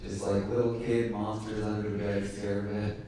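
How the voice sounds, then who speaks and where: A man in his forties doing a stand-up set in a small dark room, wry and self-deprecating, laughing at his own jokes. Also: fairly low pitch, little pitch movement, normal speed. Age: 40s. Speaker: stand-up comedian. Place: tiny dark performance room. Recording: echoey and distant, faint hiss.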